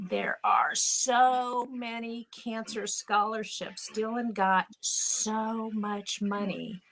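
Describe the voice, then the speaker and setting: A woman's voice: mid-range voice, fairly bright tone, rough recording. A middle-aged woman talks openly as an interview guest, her voice sitting in an ordinary middle register. She tells a personal story candidly, and now and then her voice catches with emotion. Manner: candid, gets choked up at moments. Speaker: interview guest, actress and mother.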